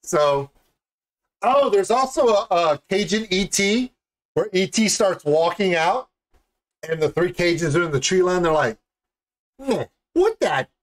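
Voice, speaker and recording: A man's voice: high-pitched, moderate pace. A man hosting a music video reaction, talking in an enthusiastic, rambling and jokey way. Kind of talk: casual reaction commentary.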